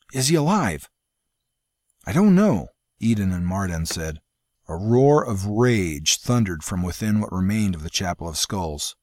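A man reading a fantasy novel aloud in a measured, dramatic storytelling manner. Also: low-pitched, darkish tone, no echo, studio quality. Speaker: audiobook narrator. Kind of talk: scripted fantasy narration.

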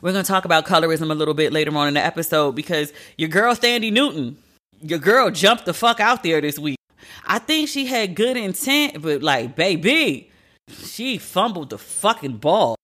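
Swooping, outspoken woman podcast host. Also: fairly quick. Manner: candid, profane and animated, with swooping pitch for emphasis. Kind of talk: casual commentary monologue.

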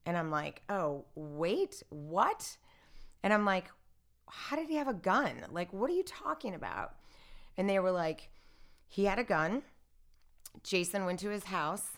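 An unhurried woman with a fairly low voice pauses often while recounting a personal anecdote as an interview guest. She acts out what others said in an animated, casual retelling, leaning heavily on "like" and "I'm like."

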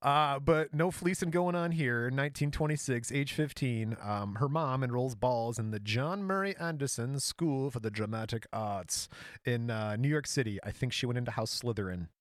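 A man's voice: mid-range voice, moderate pace, no echo, clean studio sound. A man in his thirties hosting a podcast, reading history notes aloud in a casual, jokey way. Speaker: podcast host. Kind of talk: casual storytelling chat.

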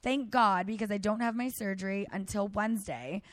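A woman in her thirties hosting a podcast, telling a story in a casual, animated way and acting out what people said. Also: mid-range voice, moderate pace, no echo. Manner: animated storytelling, acts out quotes. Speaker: podcast host. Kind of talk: casual chat.

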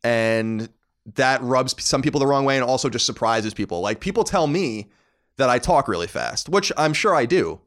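A man from New York with a mostly faded New York accent, hosting a casual podcast in a fast, sardonic, animated way. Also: mid-range voice. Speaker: podcast host.

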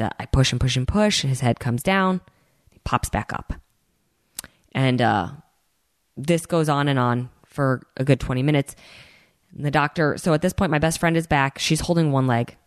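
A woman telling her own story in a casual, animated way, acting out the people she quotes and speaking straight to her listeners. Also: sits low, dry recording, studio quality. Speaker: host telling a personal story.

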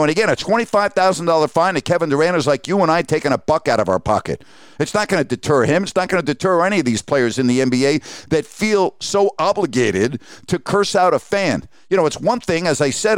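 A man's voice: a little high, dry recording, clean studio sound. Indignant radio host man ranting. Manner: indignant, emphatic, rhetorical questions. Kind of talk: opinionated sports rant.

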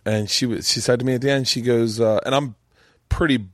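A man's voice: medium pitch, steady tone, fairly quick, no room sound, studio quality. A man hosting a podcast, chatting casually and telling a profane story, acting out the people in it. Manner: profane, storytelling with quoted voices. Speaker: podcast host. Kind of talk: casual chat.

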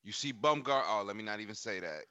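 A man chatting casually about a fight, pausing and searching for words. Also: lowish voice, lively intonation, sharp tone, clean tone, no room sound, muffled recording.

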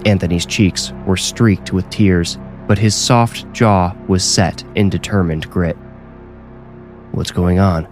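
A man, the author, reading his own horror story in a measured, low-key way. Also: faint music behind. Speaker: author and narrator. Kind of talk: scripted horror narration.

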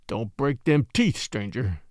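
A man's voice: a little high, sing-song, a bit bright, no room sound, studio quality. Man doing a drawling, menacing gambler. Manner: slow ominous drawl.

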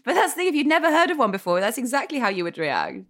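A woman's voice: high voice, racing. A woman guest on a podcast, telling funny stories in casual chat, with lots of restarts and laughing asides. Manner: chatty, many restarts, animated laughing asides.

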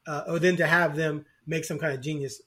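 A man co-hosting a sports podcast, talking in a casual, opinionated and animated way, going off on tangents. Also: a little high, fairly quick. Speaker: podcast co-host.

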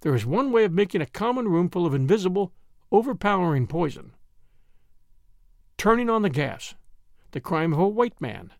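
A man voicing a mild, vague, gently wry priest detective in a dry audiobook reading, quiet and grave by turns. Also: high voice, creaky, dry recording, full character voice.

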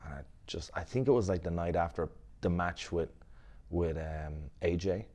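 A man in his forties with an Irish accent, a wrestler chatting casually as an interview guest, relaxed and quick to laugh. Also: sits low. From Ireland. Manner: relaxed, laughs often, many fillers.

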